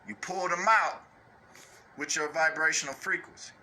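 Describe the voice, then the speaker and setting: Speaking at a moderate pace with a sharp tone, a man rants unscripted online in a blunt, profane way. He keeps asking "you know what I'm saying" and imitates people in high, mocking voices.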